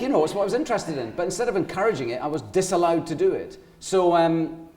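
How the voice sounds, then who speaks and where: A Scottish actor in his forties, speaking fast with a voice on the high side, tells rambling anecdotes as a guest in an on-stage interview before a live audience. He's animated and laughs along, and the sound is reverberant with background noise.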